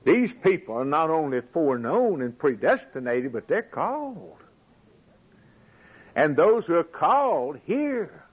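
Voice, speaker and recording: A man's voice: a little high, sing-song, unhurried, slightly rough, highs cut off. A man preaching a sermon, building his points with rhetorical questions and a rising, emphatic cadence.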